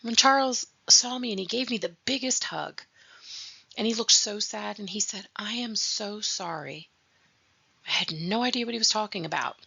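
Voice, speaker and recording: Husky, bright-toned woman telling a personal story. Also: mid-range voice, brisk. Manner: earnest, reflective, emotional. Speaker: podcast host. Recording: dull lo-fi recording.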